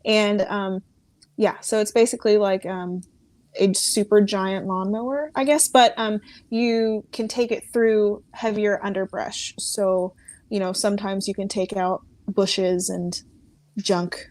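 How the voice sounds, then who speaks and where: A woman's voice: mid-range voice, flat delivery, unhurried, a little mellow, dry recording. A woman from a small farming town in the United States, a guest on a casual video-call chat, rambling and giggly with lots of fillers. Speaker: guest fragrance reviewer.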